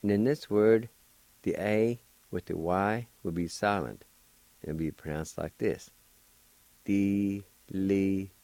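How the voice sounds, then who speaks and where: Male radio host, dark mellow tone, unhurried teacher sounding out each syllable. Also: sits low, vocal fry, dry recording. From United States. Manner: patient, spells out letters and syllables one by one. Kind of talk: slow spelled-out language lesson.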